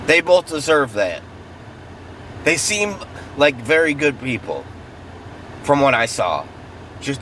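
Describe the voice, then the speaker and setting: Recorded outdoors by traffic, a vlogger angrily rants about true crime, swearing and repeating himself heatedly. His voice has a fairly high pitch and a fairly bright tone.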